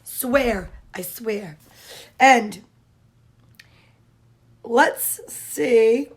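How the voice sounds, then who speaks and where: Woman on a livestream, high voice, slow and stretched out, says hi to everyone by name. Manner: slow, drawn-out, cheerful greetings to viewers by name. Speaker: livestream host. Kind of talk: casual livestream chat.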